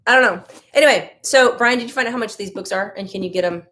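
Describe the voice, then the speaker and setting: Talking at a quick pace with a medium-pitched, fairly bright voice, an American woman hosts a casual live stream, loosely chatting and answering viewers' comments along the way.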